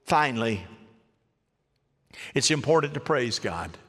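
A man preaching a sermon in a church, swinging between loud rising cries and low hushed phrases. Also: animated, slow pace. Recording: long hall reverb.

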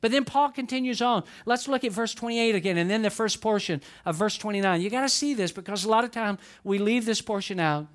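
High-voiced older male preacher. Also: a little fast, few pauses. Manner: repetitive, questions the congregation, storytelling. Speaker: pastor. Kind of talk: sermon.

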